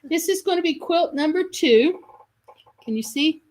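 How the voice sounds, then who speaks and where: A woman's voice: sits high, animated, measured pace, a little mellow. Chatty woman selling quilt kits. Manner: chatty, enthusiastic, self-correcting. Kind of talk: live sales video.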